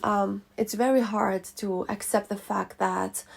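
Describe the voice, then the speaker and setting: Woman, personal vlog storyteller, emotional and sincere, slight vocal fry. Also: mid-range voice, fairly even intonation, unhurried. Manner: emotional, heartfelt, with hesitations. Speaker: vlogger.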